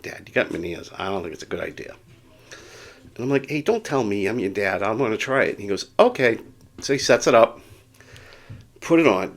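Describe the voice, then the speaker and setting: A middle-aged man tells a story on his vlog in an unpolished, rambling way, with frequent chuckles and self-deprecating asides. His voice sits at an everyday mid pitch. He sounds like someone still getting over a spell of dizziness. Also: fairly bright tone. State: recovering from dizziness. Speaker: vlogger.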